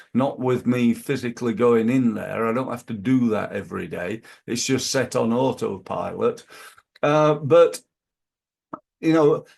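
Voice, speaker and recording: A man's voice: mid-range voice, creaky. A man talking casually about marketing as a business coach, rambling and acting out little scenes.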